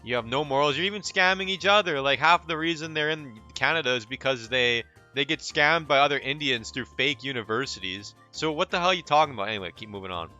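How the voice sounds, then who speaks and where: A man's voice: mid-range voice, quick pace, few pauses, bright, forceful tone, soft background music. Male commentary host, blunt and profane, casual rant with lots of restarts; lo-fi muffled sound.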